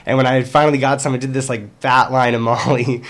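A man telling a story in casual chat, rambling and excitable, with many restarts. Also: medium pitch, a little fast.

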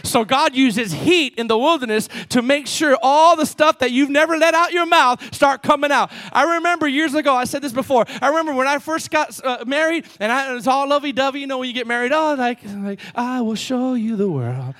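A middle-aged man, a pastor, preaching a sermon in an animated way, swinging from loud peaks to low asides. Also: fairly quick, hardly any pauses. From Cuban background.

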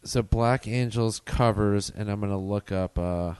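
A man in relaxed podcast chat, rambling and swearing as he talks. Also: fairly low pitch, measured pace, clear, resonant tone, dry recording. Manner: laid-back, swearing, rambling. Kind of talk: casual chat.

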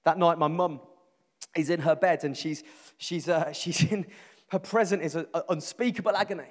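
A man's voice: a little high, normal speed. A middle-aged man preaching a sermon, earnest and emphatic, building lists and repeating phrases. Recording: long reverb from a large hall.

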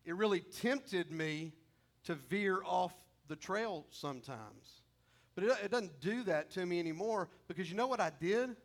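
A middle-aged man preaching a sermon as pastor. He swings from loud, emphatic peaks down to low, quiet asides. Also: animated, a little slow.

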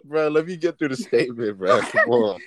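A man's voice: medium pitch, expressive, a little fast, very noisy. A man in casual podcast chat, laid-back and laughing, who reads out a statement and comments on it. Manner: laid-back, laughing, calls people "bro".

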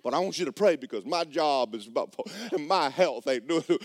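A man preaching a sermon in church, jumping between loud, high shouts and low muttered asides, mimicking skeptics as he tells stories. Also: animated, fairly quick, hardly any pauses, dry recording, studio quality. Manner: storytelling, mimics skeptics mockingly. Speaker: pastor.

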